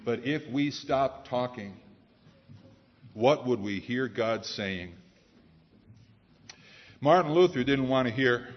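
A male pastor preaching a sermon in a church, swinging from loud declarations to hushed lines. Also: medium pitch, expressive, slow, long pauses. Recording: dull sound with long hall reverb.

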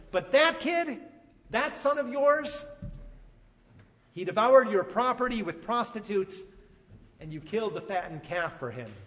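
Man playing a berating older brother, high and loud, long reverb. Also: exaggerated voice. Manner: berating, yelling. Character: angry resentful older brother, young man.

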